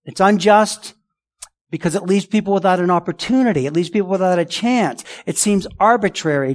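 A man preaching a sermon as pastor, conversational and emphatic, often asking the congregation rhetorical questions. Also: fairly high pitch.

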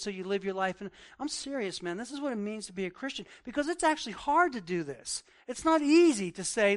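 A man delivers a sermon in a fairly high voice. He reads passages aloud, then talks them through in a loose, conversational way, often checking in with his listeners. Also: a bit bright. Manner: conversational preaching with direct questions to the congregation. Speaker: pastor.

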